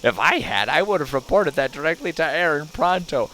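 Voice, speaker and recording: A man's voice: a little high, expressive, brisk, pushed and bright, a little hiss or hum, voice pushed up. A man reading out a dutiful, formal male scout. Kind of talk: reading game dialogue aloud.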